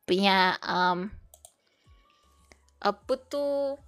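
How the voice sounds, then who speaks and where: With faint background music behind her, a young Malaysian VTuber chats casually on her stream in a Malaysian English accent, moving between English and Malay. She has a fairly high voice and speaks a little slowly.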